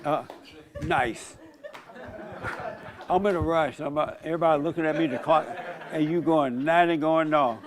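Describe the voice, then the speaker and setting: A man's voice: a little high, moderate pace, long pauses, a crowd in the background. An older man, a pastor and host, giving a casual church talk and telling stories with a joking manner and frequent laughs. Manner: joking storyteller, laughs often.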